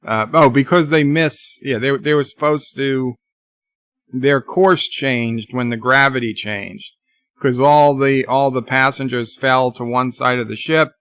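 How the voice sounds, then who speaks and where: A man's voice: mid-range voice, a bit bright, clear, resonant tone, no room sound, clean studio sound. A man giving a casual, rambling live review of a TV episode, with many restarts, retelling scenes. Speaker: YouTube TV reviewer.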